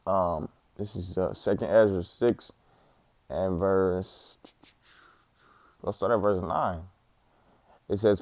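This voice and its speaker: A man's voice: low voice, moderate pace, a little mellow, no room sound. A man giving a casual spoken religious testimony, rambling and slangy, with lots of fillers and the odd swear word.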